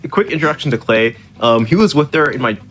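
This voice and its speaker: A man's voice: mid-range voice, animated, quick pace, fairly bright tone. A man commentating his own speedrun, rambling, laughing a lot and mocking himself. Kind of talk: casual commentary while playing.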